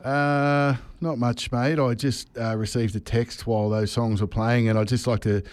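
A man co-hosting a radio show, telling a comic story in an animated way and checking in with lots of tag questions. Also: mid-range voice, moderate pace, clean tone. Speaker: radio co-host.

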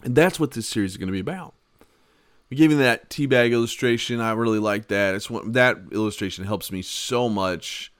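Male pastor-host, mid-pitched, emphatic teaching read, dry close sound. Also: a little fast, no room sound. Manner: emphatic, repeats key words, swings between loud and soft. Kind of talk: conversational Bible teaching.

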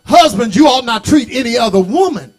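Middle-aged male preacher, very high-pitched, folksy, builds to shouted sing-song delivery. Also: lively intonation, fairly quick. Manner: folksy, talks back to the congregation. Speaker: bishop and pastor. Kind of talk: sermon.

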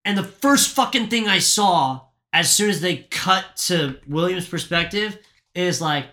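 A man's voice: high voice, lively intonation, a little slow, pushed and bright. A man talking bluntly in a casual podcast chat, swearing freely and pressing his point.

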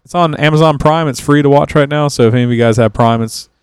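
A man's voice: a little high, quick pace, smooth. A man co-hosting a podcast, chatting casually with friends and rambling loosely with lots of restarts. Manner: rambling, relaxed, with many restarts and trailing sentences. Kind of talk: casual chat.

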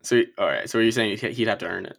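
A man's voice: fairly low pitch, racing, creaky, a bit bright. A young man co-hosting a casual podcast, laid-back, laughing often and calling his friend "man" and "dude". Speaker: podcast co-host, school staff. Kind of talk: casual chat.

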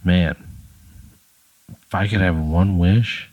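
A man's voice: sits low, slow pace, darkish tone, no echo, lo-fi sound. A man as podcast co-host, reacting in exasperated, swearing banter. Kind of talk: comedic banter.

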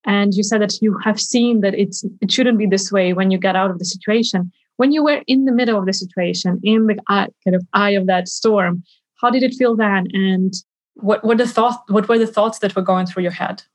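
A woman's voice: medium pitch, normal speed, no echo, low-quality recording. Woman interviewer, thoughtful questions, searching for words, dry close sound.

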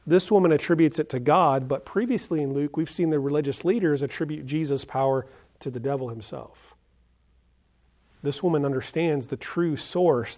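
A man's voice: fairly high pitch, darkish tone. A man pastor preaching a sermon, earnest and often asking his listeners questions. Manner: earnest, asks the congregation questions.

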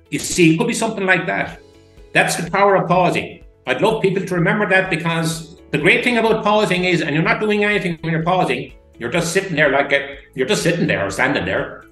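A man's voice: high voice, lively intonation, bright, forceful tone, reverberant, faint music behind, rough recording. An Irish man, a public speaking coach, talking enthusiastically and emphatically in a podcast interview. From Ireland. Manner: enthusiastic, emphatic, demonstrative pauses.

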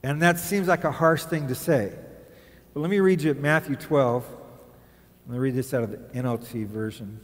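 A man's voice: mid-range voice, moderate pace, big-room sound. A male pastor preaching a casual, jokey sermon, rambling into asides and checking with the room. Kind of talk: conversational sermon.

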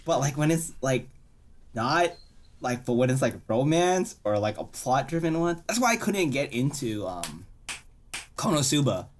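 Animated young man ranting, swearing freely. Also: medium pitch, measured pace. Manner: animated, profane ranting with loud exasperated outbursts. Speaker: podcast co-host. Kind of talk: casual chat.

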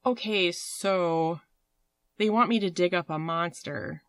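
A woman's voice: on the low side, slow pace, no room sound. A woman voicing a pragmatic, stiff male official who is exasperated and swears. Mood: flat.

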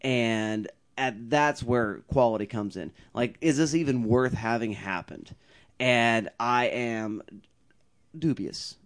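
A man's voice: medium pitch, takes it slowly. A man co-hosting a movie podcast, giving a hedging, thoughtful opinion in casual chat. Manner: thoughtful, hedging, self-aware. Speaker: podcast co-host.

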